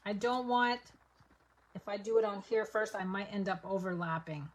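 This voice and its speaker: Woman, mid-pitched, craft teacher on a live stream, chatty step-by-step patter, light background noise. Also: steady tone, brisk. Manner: chatty, step-by-step, talks to viewers while working. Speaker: papercraft instructor.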